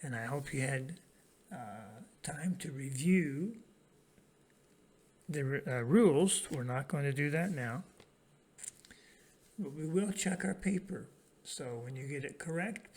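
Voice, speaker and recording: A man teaching an English grammar lesson to children, prompting his pupils to repeat lines and pausing for their answers. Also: medium pitch, husky. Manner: lively, sing-song classroom delivery.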